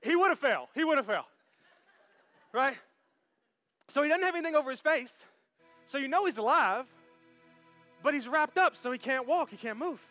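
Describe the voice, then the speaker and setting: Male pastor, sermon, playful and lively with the congregation, dry close sound. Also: extremely high pitch, normal speed, long pauses, dry recording, faint music behind. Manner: animated, jokey, talks directly to the congregation. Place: church service.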